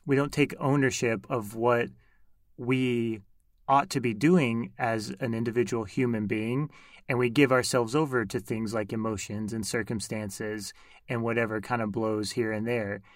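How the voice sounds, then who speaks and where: A man co-hosting a podcast, speaking thoughtfully and pausing to search for the right words. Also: mid-range voice, steady tone, dry recording, studio quality. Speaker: podcast co-host. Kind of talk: conversational podcast talk.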